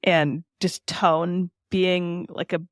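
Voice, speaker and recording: A woman's voice: fairly low pitch, little pitch movement, extremely slow, no echo, studio quality. A woman co-hosting a podcast, chatting casually and sharing a personal anecdote. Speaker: podcast co-host.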